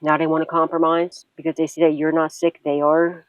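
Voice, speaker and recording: A woman's voice: deep voice, level tone, fairly quick, slight background noise, low-quality recording. A woman psychic tarot reader giving a rambling, profane spiritual reading.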